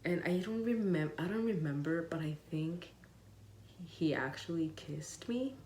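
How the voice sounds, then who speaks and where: A woman with a deep, low voice tells a casual storytime to her viewers. She rambles and keeps restarting, with plenty of "like" along the way. Her voice bounces around an echoey room over a faint hiss. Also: expressive, measured pace, a little mellow. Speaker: vlogger.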